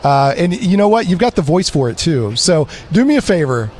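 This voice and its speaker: A man's voice: a little high, sing-song, brisk, a little mellow. A man hosting a live radio broadcast from a comic convention floor, interviewing in a rambling, enthusiastic way with lots of restarts. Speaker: radio host.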